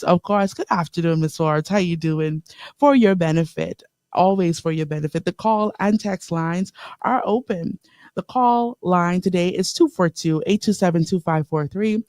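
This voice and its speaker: A woman hosts an inspirational radio talk show, and her voice has a gravelly fry. She talks lively and straight to her listeners and slows down to repeat key lines. The studio sound is close and dry. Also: fairly low pitch, dry recording. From the Bahamas. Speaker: radio host.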